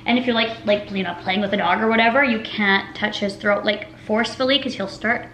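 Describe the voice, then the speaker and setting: A woman's voice: mid-range voice, fairly quick, a bit bright, echoey room, slight background noise, poor audio. A woman in her twenties chatting casually in a vlog, rambling through her stories with lots of "like" and "literally". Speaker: vlogger. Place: home room with a table.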